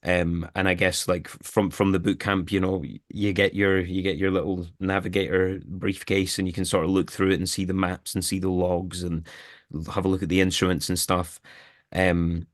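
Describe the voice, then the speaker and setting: Low-voiced man, chatty and rambling. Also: flat delivery, moderate pace, dry recording, clean studio sound. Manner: chatty, rambling, many restarts and fillers. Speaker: actor guest. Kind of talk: casual interview chat.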